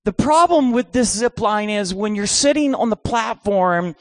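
A middle-aged man preaching a sermon, telling a comic story with animated delivery. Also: high voice, a little slow, dry recording, clean studio sound.

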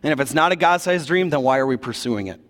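A man preaching a sermon in a church, retelling a scripture story in a casual, animated way with slangy asides. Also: medium pitch, fast. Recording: long reverb of a large hall.

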